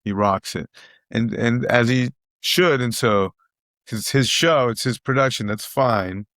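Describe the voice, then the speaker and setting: A man's voice: medium pitch, unhurried, a bit bright, dry recording, clean studio sound. A middle-aged man, a guest comedian telling stories in casual chat, who repeats phrases for emphasis and acts out what other people said.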